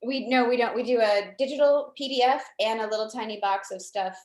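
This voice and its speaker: A woman's voice: a little high, a little fast. Playful woman host in an echoey room. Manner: playful, giggly, posing hypothetical scenarios. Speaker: interview host, design professor. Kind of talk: casual interview chat.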